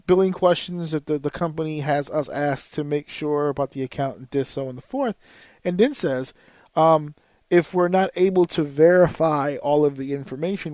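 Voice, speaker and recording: A man's voice: on the high side, darkish tone, no echo. A man in his thirties hosting a podcast, telling a profane, exasperated story in a casual rant. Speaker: podcast host. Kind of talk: casual ranting monologue.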